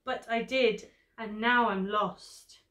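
A woman's voice: medium pitch, fairly even intonation, slow pace, fairly bright tone. Woman doing a glum little lost boy. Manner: sniffly and solemn, spooking the others.

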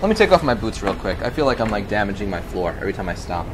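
A man's voice: very animated, rapid-fire, over loud music. A man doing gameplay commentary, swearing constantly, muttering to himself and then bursting into screamed rage. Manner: talks himself down in low muttering between outbursts. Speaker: gaming commentator.

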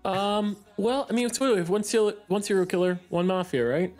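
A woman playing an online social deduction game with friends, reacting quickly and thinking out loud. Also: mid-range voice, soft background music. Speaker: player in an online party game. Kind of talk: casual game chat.

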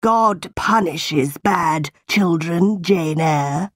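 A woman voicing a stern, cruel tall man who owns a school, speaking slowly and threateningly. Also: on the low side, no echo, studio quality. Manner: slow, preaching, threatening.

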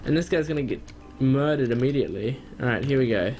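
Young male gamer host, excitable play-by-play, quick to frustration, medium pitch. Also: faint music behind. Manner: excitable, quickly frustrated, jumps high when upset. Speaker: gaming channel host. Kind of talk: gameplay commentary.

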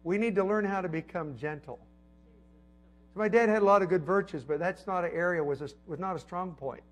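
A middle-aged man preaching a sermon in a conversational way, building to emphatic peaks and then dropping low and quiet. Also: brisk. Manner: conversational preaching with emphatic swells and soft drops.

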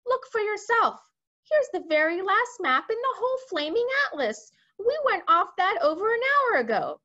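Woman voicing a shouting air force chief, blustering, high, animated. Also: a little slow, dull audio, exaggerated voice. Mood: exasperated.

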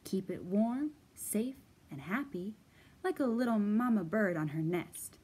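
A woman voicing a sly, fast-talking male fox salesman in a children's storybook reading, with a smooth, salesy patter. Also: mid-range voice, expressive, a little mellow. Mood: persuasive.

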